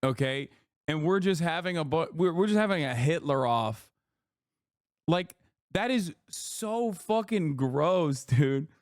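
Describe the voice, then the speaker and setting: A man's voice: a little high, animated, slow pace, dry recording, studio quality. A man giving heated, scornful reaction commentary on a video, swearing often.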